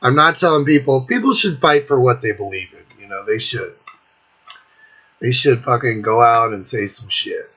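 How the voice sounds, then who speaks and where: A man's voice: medium pitch, animated, normal speed, a bit bright, slightly rough. A middle-aged man on his own video channel, ranting casually with constant swearing and irritation. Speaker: music vlogger. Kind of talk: profane casual rant. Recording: dull lo-fi recording.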